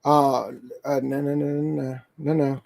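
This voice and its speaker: A man hosts a casual livestream and rambles excitedly, with many ums and restarts. His voice sits a little high for a man. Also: takes it slowly, gravelly. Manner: rambling, excitable fan talk with fillers. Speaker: toy channel livestream host.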